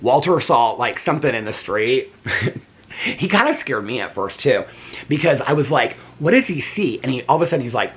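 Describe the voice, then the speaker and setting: A man chats casually into the camera from his bedroom, rambling through his day. His voice is a bit husky and swings lively up and down in pitch, and he keeps drifting into sweet talk with his dogs. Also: normal speed. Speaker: vlogger. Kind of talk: casual chat. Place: bedroom at home.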